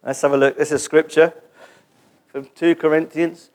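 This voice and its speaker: High-voiced animated male preacher. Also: normal speed, long pauses, smooth. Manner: animated, joking, leads the congregation in call-and-response. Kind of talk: sermon. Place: church gathering before a congregation.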